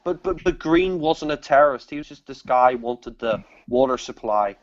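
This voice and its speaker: A man's voice: mid-range voice, lively intonation, normal speed, no room sound. A man chatting agreeably about a film in a casual discussion. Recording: dry, dull lo-fi recording.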